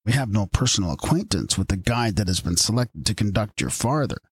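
A man's voice: on the low side, lively intonation, brisk, breathy edge, no echo. A man reading aloud as the solemn spokesman of a secret order, delivering formal pronouncements. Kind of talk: audiobook reading.

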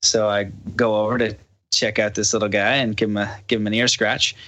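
Bright-voiced man telling a story. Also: on the low side, brisk. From Canada. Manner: animated, acts out quoted dialogue. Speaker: podcast guest. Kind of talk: casual storytelling.

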